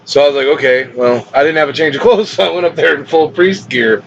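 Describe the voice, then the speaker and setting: A man's voice: on the high side, fast, vocal fry. A man who hosts a podcast and wrestles professionally, telling a story casually, laughing often and swearing freely. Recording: dull lo-fi recording with faint hiss.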